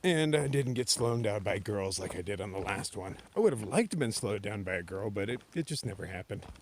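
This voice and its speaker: A man's voice: on the low side, expressive, fairly quick, a little hiss or hum. A man vlogging to himself outdoors on a mountain trail, laid-back and joking, swearing freely as he talks. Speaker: thru-hiker vlogger. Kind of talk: casual vlog monologue.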